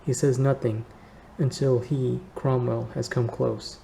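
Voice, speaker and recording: A man reads a novel aloud with a very dark, gravelly voice. His delivery is measured and held to a narrow, steady pitch, with a faint hiss of noise behind him. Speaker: reader.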